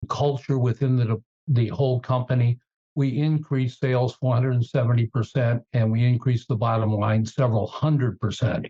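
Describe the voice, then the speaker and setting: A man in an interview, telling business stories in a measured way with frequent fillers. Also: mid-range voice, dark tone, highs cut off. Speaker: guest, turnaround CEO. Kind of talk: interview storytelling.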